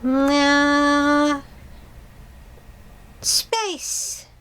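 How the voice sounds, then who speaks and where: A woman voicing a playful five-year-old girl puppet who blurts short, silly answers in a squeaky voice. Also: drawn-out words, fairly bright tone, soft background music, heavily acted.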